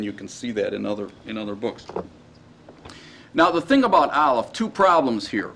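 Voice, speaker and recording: A man teaching a class in a casual, halting way, often checking in with his students. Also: mid-range voice, a bit bright. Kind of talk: classroom lecture.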